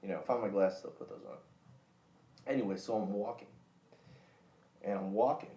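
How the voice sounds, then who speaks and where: A man's voice: fairly low pitch, fairly even intonation, normal speed, dark tone. A young man hosting a podcast, telling a rambling story in a laid-back, profane way. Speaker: podcast host. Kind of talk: casual storytelling chat. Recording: roomy, distant mic with faint noise.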